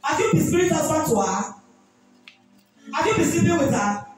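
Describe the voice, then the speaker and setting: A woman's voice: high voice, lively intonation, normal speed. A woman pastor with a Nigerian accent leading a deliverance ministration, issuing repeated rebuking commands. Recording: echoey church hall from far off with music.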